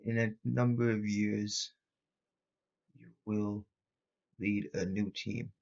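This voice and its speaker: A man voicing a cold entity that speaks through a young man in a flat monotone. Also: lowish voice, slow, creaky, lo-fi sound. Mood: flat, cryptic.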